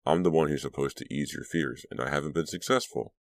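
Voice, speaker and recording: Man as a calm soothing doctor. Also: very deep voice, fast talker, creaky, no room sound. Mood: gentle. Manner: soft, gentle, reassuring. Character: calm reassuring male psychiatrist.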